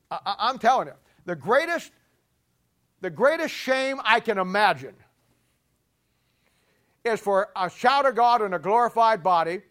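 Animated high-voiced male preacher. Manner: animated, repeats words often, swings from loud to hushed. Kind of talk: sermon. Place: church before a congregation.

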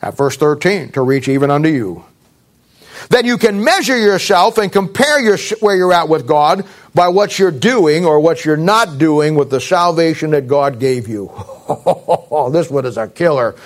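A man's voice: on the high side, animated, a little slow. A middle-aged male pastor preaching a sermon in a blunt, folksy way, with sarcastic asides.

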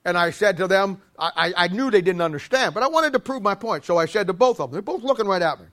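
A man preaching a sermon in an animated, humorous way, stammering restarts and acting out little scenes. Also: high-pitched, fast talker, few pauses.

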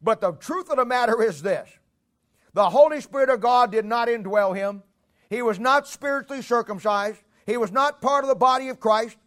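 High-voiced folksy preacher man. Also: normal speed. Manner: folksy, emphatic, rising to shouts; jokes with the congregation. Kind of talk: sermon.

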